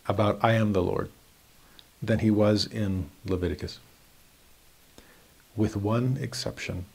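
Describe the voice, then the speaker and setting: Man, religion teacher, devotional talk, animated storytelling, gravelly fry in the voice. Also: lowish voice. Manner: animated storytelling, acting out his own inner dialogue.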